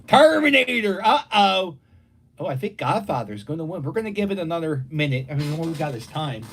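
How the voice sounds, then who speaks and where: A man's voice: fairly high pitch, animated, brisk. Middle-aged philly guy rambling on a home livestream, voice jumping up and down a lot, acts out voices in his stories. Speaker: live stream host. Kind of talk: casual rambling storytelling. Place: dining room at home.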